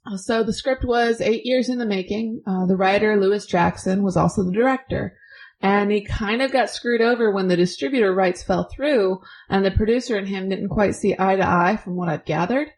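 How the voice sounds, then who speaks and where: A woman co-hosting a casual film podcast, chatty and quick to laugh. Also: medium pitch, a little mellow, low-quality recording. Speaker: podcast co-host. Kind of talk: casual chat.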